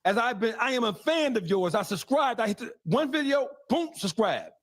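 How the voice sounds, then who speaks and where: A man's voice: very high voice, very animated, normal speed. A man in a played clip talking in a brash, swaggering, profane way about his channel and a city's history. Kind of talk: boastful podcast talk.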